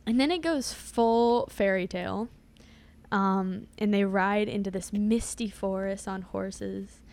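A woman's voice: mid-range voice, slow, darkish tone. A woman casually recapping a movie in a chatty, wry way, laughing often as she talks. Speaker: podcast co-host.

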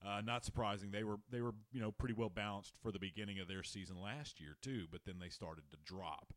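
Low-voiced guy hosting a sports podcast, swears a lot, rambly, dry close sound. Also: quick pace, a bit bright, no echo. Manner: profane, laughing, rambling. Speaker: podcast host. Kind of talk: casual podcast chat.

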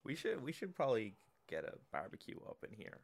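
A young man co-hosting a casual podcast, telling slow, rambling stories full of fillers. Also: medium pitch, wildly swooping pitch, creaky. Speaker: podcast co-host. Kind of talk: casual banter.

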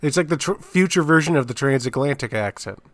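A man co-hosting a podcast, discussing a movie in casual chat with deadpan, dry jokes. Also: a little high, fairly quick, no echo. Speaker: podcast co-host.

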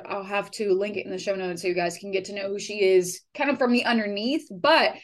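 A woman's voice: mid-range voice, a bit bright. A woman hosting a podcast, chatting casually with loose swearing and lots of fillers and restarts. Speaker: podcast host.

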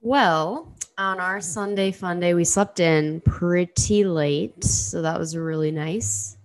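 Slow, gravelly-voiced young woman. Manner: relaxed, low-key replies. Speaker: podcast co-host. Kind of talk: casual chat.

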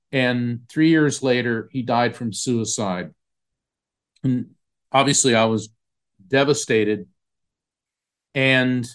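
Male author guest, mid-pitched, earnest and emotional storyteller, often restarts his sentences. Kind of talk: personal storytelling in an interview.

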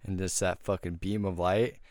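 A young man casually telling a rambling ghost story among friends, swearing a lot and dropping to a hush at the eerie parts. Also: deep voice, flat delivery, moderate pace, dry recording, studio quality. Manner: rambling, heavy swearing, hushed when telling the eerie part.

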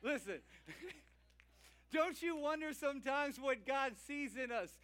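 Cajun pastor, high voice, lively call-and-response preaching. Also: male voice, slow pace. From Louisiana. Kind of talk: sermon. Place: church.

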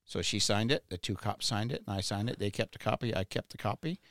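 A man's voice: lowish voice, quick pace, a bit bright, dry recording, clean studio sound. A man casually telling a personal story, blunt and profane, stammering and repeating words when worked up.

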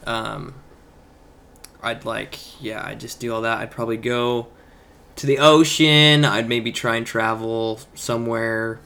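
A young man co-hosting a podcast, talking casually in a halting, rambling way full of fillers. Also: medium pitch, fairly even intonation, vocal fry, bright, forceful tone. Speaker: podcast co-host. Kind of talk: casual chat. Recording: faint background noise.

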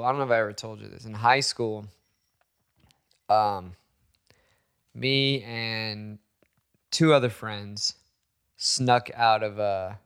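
A young adult man telling a story in casual chat as a podcast co-host, animated, laughing often and acting out quotes with lots of swearing. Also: mid-range voice, clean tone.

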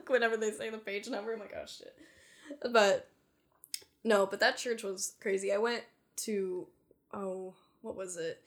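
A woman's voice: medium pitch, a little slow. A woman co-hosting a podcast in casual chat, giggling often, swearing freely and saying "like" a lot. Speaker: podcast co-host.

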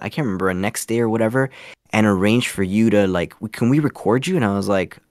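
In a casual storytelling interview, a young Canadian man appearing as a guest scambaiter rambles through a tale, restarting sentences and filling pauses. His voice is a little low with a darkish tone, and the recording is dry and close, with no room sound.

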